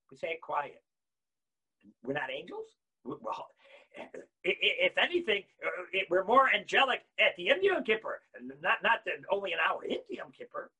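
A man teaching a Torah lesson as a rabbi, impassioned, swinging between quiet explanation and loud bursts. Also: high-pitched, sing-song, fairly quick, breathy edge, poor audio.

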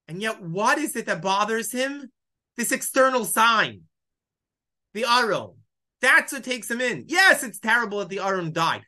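A man teaching a Bible lesson verse by verse, reading lines aloud and explaining each in English. His voice is bright and clear, and his delivery is emotional, sometimes choked up. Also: high voice, animated, normal speed. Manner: reads Hebrew verses then explains in English. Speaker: Torah teacher. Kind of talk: text study lesson, translating verse by verse.

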